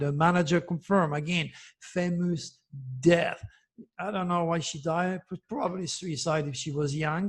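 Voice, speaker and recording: A man's voice: high voice, breathy edge. A man hosting his own show, giving an impassioned, preachy monologue full of warnings and repeating words for emphasis. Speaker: astrologer host. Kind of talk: emotional monologue to camera.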